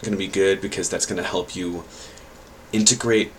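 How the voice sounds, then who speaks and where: Low-voiced man, rambling and hesitant. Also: fairly even intonation, moderate pace, slight background noise, rough recording. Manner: rambling, hesitant, many fillers and restarts. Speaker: language learner giving tips. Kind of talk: casual vlog talk.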